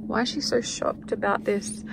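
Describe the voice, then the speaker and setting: A woman's voice: mid-range voice, steady tone, moderate pace, creaky, a little hiss or hum, low-quality recording. A woman giving a spiritual card reading, chatting loosely and voicing what the people in it might be thinking. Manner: chatty, speaks in quoted inner voices. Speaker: tarot card reader.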